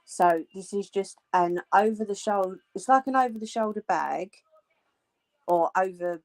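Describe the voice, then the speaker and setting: A woman's voice: mid-range voice, measured pace, darkish tone. A woman hosting a live crafting stream, chatting casually and joking with viewers as she sews, a little tired. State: tired, yawning. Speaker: crafting livestream host. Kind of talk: casual chat while sewing live.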